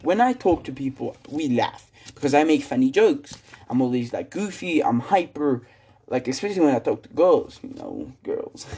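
A man's voice: mid-range voice, warm tone, slightly rough. A young man in his teens telling a story in a rambling, slangy way with lots of fillers. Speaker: vlogger. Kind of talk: casual storytelling.

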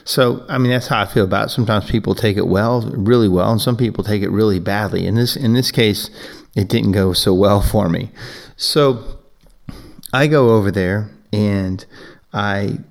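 Low-voiced man telling a rambling story. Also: moderate pace, vocal fry. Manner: rambling, with frequent "you know" and restarts. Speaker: business owner hosting a podcast. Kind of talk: casual storytelling.

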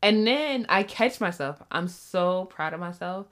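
Animated woman in relationship chat. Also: fairly low pitch, unhurried. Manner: animated, acts out her partner's voice. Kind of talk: casual couples chat.

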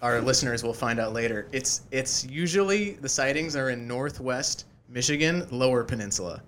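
A man's voice: medium pitch, lively intonation, moderate pace, fairly bright tone, a little hiss or hum. A man hosting a casual podcast chat, joking and laughing often, with many fillers. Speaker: podcast host.

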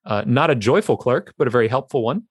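A man's voice: mid-range voice, lively intonation, fast, slightly rough, no echo, studio quality. A man co-hosting a casual podcast, easygoing and chuckling as he chats with his friend. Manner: laid-back, chuckling storyteller. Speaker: podcast co-host. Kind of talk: casual chat.

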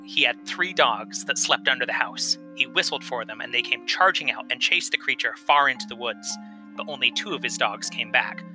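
A man hosting a storytelling show, reading a folk tale aloud and chatting with listeners in a measured, dramatic way. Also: mid-range voice, bright, forceful tone, rough recording. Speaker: storytelling podcast host.

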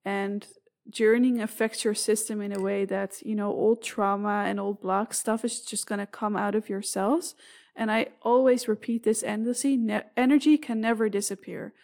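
A woman's voice: mid-range voice, little pitch movement, moderate pace, gravelly, darkish tone. Earnest woman musing on a podcast. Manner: earnest, meandering, with frequent fillers and restarts. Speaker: shaman podcast host. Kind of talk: solo podcast monologue.

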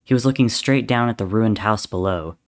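Low-voiced man reading a story. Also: brisk. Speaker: narrator. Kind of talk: reading fan fiction aloud.

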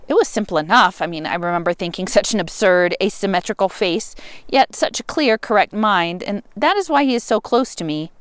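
A woman reading a novel aloud, expressive, with sudden rises and emphatic words. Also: medium pitch, clear, resonant tone, dry recording. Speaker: reader.

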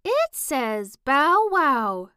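A woman voicing shrill, cheeky little daisy flowers in a storybook reading. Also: very animated, extremely slow, sharp tone, no room sound, studio quality, heavily acted.

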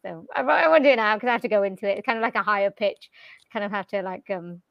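A British-accented woman talks in a chatty, upbeat way, close to a directional mic. Her voice sits at an ordinary middle pitch. The sound is dry and close, with almost no room in it. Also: creaky, no echo, highs cut off. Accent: general British. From Wales. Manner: chatty, upbeat, quick to laugh. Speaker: voiceover artist and jazz vocalist. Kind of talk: casual interview chat. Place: quiet corner of a home lounge. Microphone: directional mic with pop shield.

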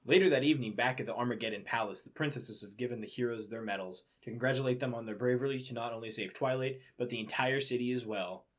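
A man's voice: medium pitch, fast, hardly any pauses. A young man taking his turn reading a fan story for laughs, adding wry comments about it. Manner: wry commentary between read passages. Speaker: co-reader. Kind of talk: comedic dramatic reading.

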